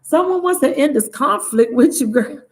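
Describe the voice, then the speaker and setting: Tarot reader, woman, slightly high voice; goofy, chatty, exclamatory. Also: expressive, normal speed. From Broward County, Florida. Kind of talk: live tarot reading with viewer shout-outs.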